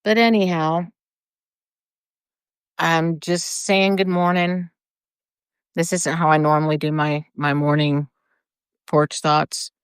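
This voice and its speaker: A woman's voice: deep voice, little pitch movement, slow pace, pauses often, clear, resonant tone, no room sound, studio quality. An older woman rambling casually on a live video from her front porch, greeting viewers by name. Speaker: livestreamer. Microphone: phone or camera for a live video.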